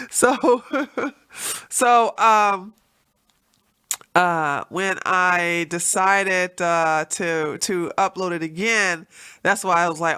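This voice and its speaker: A woman with a congested, allergy-stuffed nose talks to her stream audience in a loose, wandering way. Her voice is bright and pushed forward, and she breaks into easy laughter as she goes. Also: mid-range voice, slow pace, pauses often, clean tone. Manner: rambling, chatty, laughs often. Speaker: livestream host. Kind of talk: casual livestream chat.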